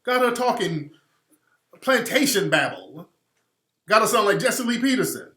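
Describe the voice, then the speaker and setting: Emphatic male radio host, lively pitch. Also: unhurried, long pauses. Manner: emphatic, repetitive, blunt. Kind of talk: impassioned monologue. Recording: roomy echo.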